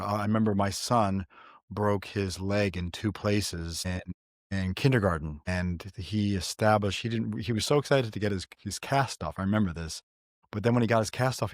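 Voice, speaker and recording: Lively low-voiced man telling stories. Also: no room sound, clean studio sound. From New York. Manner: storytelling, animated, repeats himself. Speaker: podcast host. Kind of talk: casual faith conversation.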